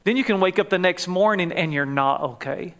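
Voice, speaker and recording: A man's voice: high voice, brisk, a bit bright. A middle-aged man, a grief counselor, preaching a sermon to a live audience in a conversational way, asking them questions and joking lightly.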